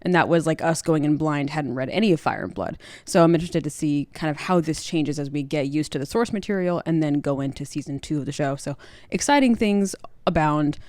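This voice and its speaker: A young woman, co-hosting a podcast and recapping a book chapter in lively casual chat, jumping her pitch to act out quotes. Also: no room sound. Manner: lively, chatty, acts out quotes with quick pitch jumps. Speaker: podcast co-host.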